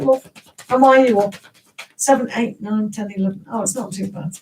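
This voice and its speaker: Chatty English woman with a higher voice. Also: animated, moderate pace, a little mellow, recorded from a distance, a little hiss or hum, poor audio. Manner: chatty and rambling, greets viewers, laughs often, many restarts. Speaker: tarot reader hosting a live stream. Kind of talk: casual live-stream reading.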